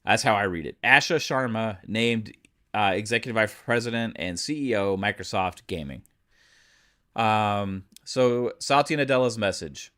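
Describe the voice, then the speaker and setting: A man with a low-pitched voice hosts a podcast in a casual, conversational way. He thinks aloud as he goes through the news. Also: lively intonation, normal speed, fairly bright tone. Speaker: podcast host.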